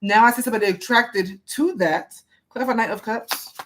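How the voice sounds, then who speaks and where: A woman's voice: on the high side, a little fast, noisy background. A woman reading tarot cards for a viewer in a casual, chatty way, asking the cards questions aloud and speaking with emphasis. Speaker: tarot reader.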